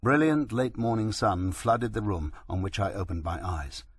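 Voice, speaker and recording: A man narrating a first-person audiobook in a steady, reflective manner. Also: on the low side, moderate pace, husky, dry recording.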